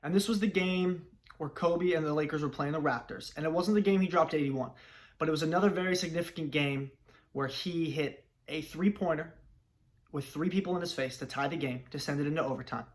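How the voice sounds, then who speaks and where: A man's voice: a little high, brisk. Chatty young man telling a story. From Los Angeles, United States. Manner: lively, chatty, acts out family dialogue. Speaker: vlogger telling a personal story. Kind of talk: casual storytelling.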